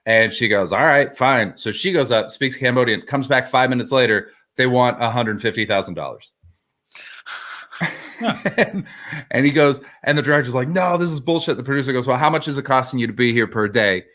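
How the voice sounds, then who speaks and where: A man's voice: mid-range voice, a little fast, fairly bright tone. A man in casual chat telling a profane anecdote and acting out the quoted lines. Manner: swearing anecdote teller, quotes voices. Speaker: podcast co-host.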